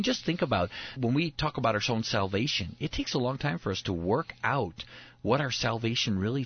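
A man teaching about a Bible passage in a conversational way, emphatic and animated, often acting out what people said. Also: breathy edge, no room sound, dull audio. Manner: emphatic, acts out quoted speech with rising pitch.

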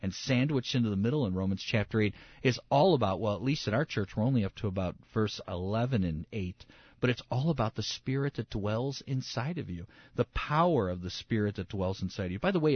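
A male pastor preaching a sermon, swinging between loud emphasis and soft hushed asides, acting out quoted voices. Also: on the low side, animated, brisk, husky, no room sound, lo-fi sound. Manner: acts out quoted voices and inner dialogue.

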